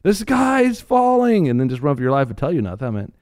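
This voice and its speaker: A man's voice: medium pitch, racing, smooth, dry recording, studio quality. Rambling, jokey man on a faith talk show. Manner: rambling, jokey, many fillers and restarts; animated storytelling. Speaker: co-host. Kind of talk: Christian talk show chat.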